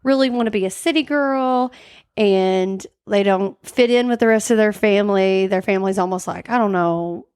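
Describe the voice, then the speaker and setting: A woman's voice: mid-range voice, moderate pace, a little mellow, clear, resonant tone. A woman co-hosting a podcast in casual chat, telling a story with lots of "like" fillers and acting out the quoted lines. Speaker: podcast co-host. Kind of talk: casual true-crime chat.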